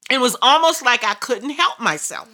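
A woman's voice: fairly high pitch, big pitch swings, moderate pace, noisy background. A woman preacher telling a personal story in a sermon, emphatic and repetitive. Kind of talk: sermon testimony.

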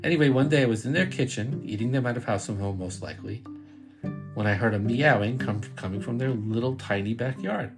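A man's voice: mid-range voice, brisk. A middle-aged man from Brooklyn, a podcast host, telling a personal story in a casual, wry way and sometimes swearing. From Brooklyn, New York. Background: guitar music.

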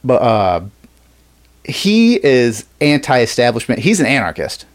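A man's voice: mid-range voice, sing-song, unhurried. A man hosting a podcast in casual chat, talking loosely with swearing and acting out quoted lines. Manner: loose and profane, acts out quotes. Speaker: podcast host.

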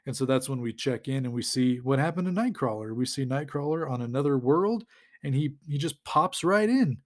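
A man's voice: mid-range voice, lively intonation, a little fast. A man hosting a podcast, casually recapping a comic in a rambling way with lots of fillers and chuckles. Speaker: podcast host.

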